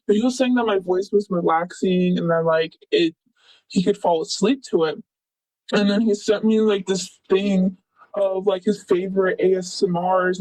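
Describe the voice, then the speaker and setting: A man's voice: high voice, darkish tone, no room sound, rough recording. A young man being interviewed, telling a personal story in a rambling, casual way full of fillers. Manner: rambling, filler-heavy, quotes others with "blah, blah".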